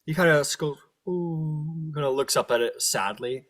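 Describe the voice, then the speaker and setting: Man, game master, animated, playful, tabletop narration. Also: a little high, unhurried. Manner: animated, laughing, jumps into silly voices.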